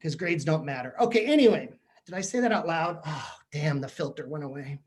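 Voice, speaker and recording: A man's voice: on the high side, animated, a little fast. Male presenter, chatty and self-mocking, working humor into a training talk for teachers. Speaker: keynote speaker to teachers. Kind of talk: humorous professional development talk. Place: virtual session from home or office.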